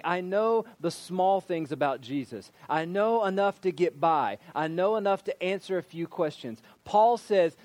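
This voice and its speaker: A man's voice: high-pitched, darkish tone, dry recording. A male pastor giving a sermon, reading scripture aloud and explaining it in an emphatic, teaching manner.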